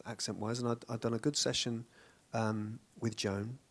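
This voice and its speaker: An actor speaking in a casual onstage Q&A, chatty and self-deprecating, often breaking into laughter. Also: male voice, mid-range voice, fairly even intonation, moderate pace. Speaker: actor guest on a panel.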